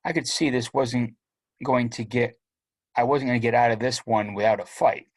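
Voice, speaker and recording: A man's voice: mid-range voice, steady tone, moderate pace, no room sound. A man narrating a first-person story aloud in a wry, sardonic way. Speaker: audiobook narrator.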